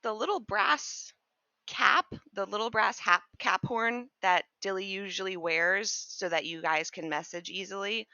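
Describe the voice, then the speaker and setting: A woman's voice: on the low side, sharp tone, no echo, dull audio. A woman narrating as game master of a tabletop game, casual and giggly, with lots of fillers.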